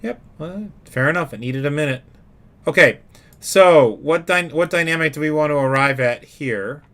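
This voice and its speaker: A man's voice: on the high side, moderate pace, fairly bright tone. A man hosting a live stream, chatting casually and joking as he thinks aloud while writing music. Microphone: USB studio microphone.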